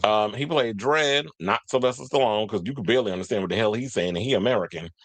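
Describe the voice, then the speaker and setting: A man with a lowish voice hosts casual entertainment news, rambling in slangy talk and forgetting names. He reads stories aloud and chats back with his viewers. The sound is close and dry, with no room around it. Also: fast, a bit bright, no room sound. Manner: rambling, slangy, loses his train of thought; talks to viewers and live chat.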